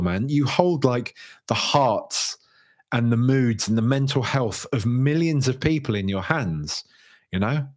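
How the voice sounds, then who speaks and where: A young man hosting a casual solo football podcast, chatting and reading out viewer messages with lots of fillers and restarts. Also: mid-range voice. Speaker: podcast host.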